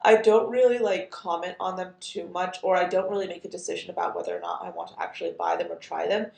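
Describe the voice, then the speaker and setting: A woman's voice: on the low side, expressive, fast talker, creaky, a little mellow, echoey room. A woman chatting casually as a perfume reviewer, amused and full of fillers and asides. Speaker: fragrance reviewer. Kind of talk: casual chat.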